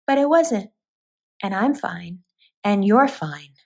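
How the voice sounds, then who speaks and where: A woman's voice: medium pitch, lively intonation, slow pace, creaky. A woman giving a spoken tarot reading, talking straight to her viewers in an earnest, reassuring way. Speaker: tarot reader.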